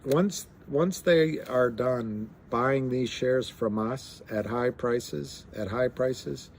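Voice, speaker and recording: Guy streaming live, slow talker, lots of ums and restarts, faint room hum behind. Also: mid-range voice. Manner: rambling, many fillers and restarts, reads numbers aloud. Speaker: livestream host talking stocks. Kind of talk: casual live-stream chat.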